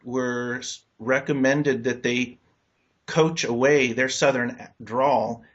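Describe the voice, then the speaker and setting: A man's voice: mid-range voice, fairly even intonation, slow. Guy interviewing someone, curious rambly questions, kinda muffled audio. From United States. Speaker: interview host. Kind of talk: casual interview chat. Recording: dull lo-fi recording.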